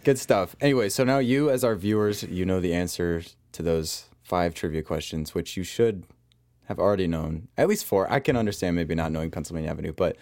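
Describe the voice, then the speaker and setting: A young man co-hosting a casual chat from home. His voice sits on the low side and he keeps things light, laughing often. He jokes easily with his partner. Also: a little fast, a little mellow. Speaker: co-host.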